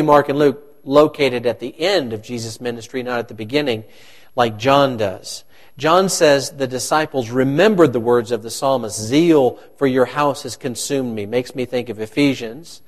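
A man, a pastor, preaching a conversational sermon and asking his congregation questions. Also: medium pitch.

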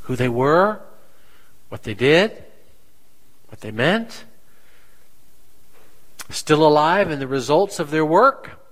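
A man preaching a sermon as pastor, slow and deliberate, asking the congregation rhetorical questions. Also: a little high, lively intonation, a bit bright, rough recording.

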